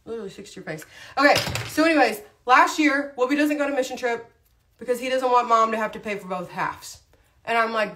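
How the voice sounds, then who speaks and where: Woman, slightly high voice, casual rambling livestream storyteller. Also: a little fast. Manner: rambling, animated storytelling with frequent asides. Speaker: livestream host, mom. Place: at home doing makeup.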